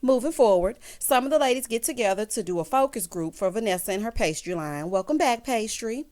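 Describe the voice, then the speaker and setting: A woman's voice: fairly high pitch, animated, fairly quick, a little mellow. A woman giving a casual, gossipy recap of a reality show, talking straight to her viewers and calling them honey and child. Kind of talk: casual recap commentary to camera.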